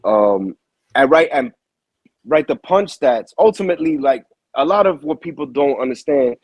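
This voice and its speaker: Husky slang-heavy man telling a story. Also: mid-range voice, normal speed, no room sound, poor audio. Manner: animated storyteller, heavy slang, frequent restarts. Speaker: boxing manager. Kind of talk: casual interview storytelling.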